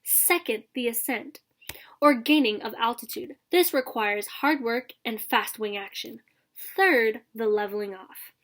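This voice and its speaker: A woman voicing a stately male trumpeter swan father who speaks in slow, flowery, formal phrases, read aloud from a storybook. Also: fairly high pitch, fairly bright tone. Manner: slow, grand, flowery delivery.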